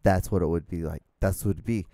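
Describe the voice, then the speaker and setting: Male solo podcast host, mellow voice, dry close mic, swears a lot while ranting. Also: sits low, quick pace, no echo. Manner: profane, exasperated ranting. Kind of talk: casual solo rambling rant. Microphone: studio microphone, talking to camera.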